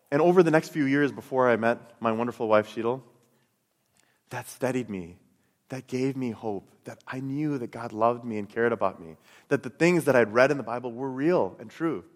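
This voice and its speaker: A man's voice: mid-range voice, normal speed. A middle-aged man telling his personal faith testimony and teaching, earnest and storytelling, often repeating words as he goes. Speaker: Christian speaker. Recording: long hall reverb.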